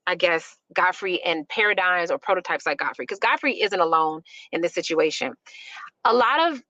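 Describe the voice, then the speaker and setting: A woman's voice: mid-range voice, a bit bright, no room sound, lo-fi sound. A woman from Chicago hosting an opinionated commentary show, emphatic and rambling with lots of fillers. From Chicago, USA. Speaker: host.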